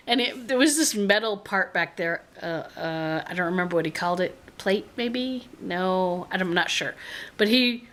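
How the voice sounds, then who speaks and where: A young woman vlogging, retelling a story in a rambling, excitable way with frequent restarts. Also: lowish voice, moderate pace. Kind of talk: casual storytelling to camera. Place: in a car.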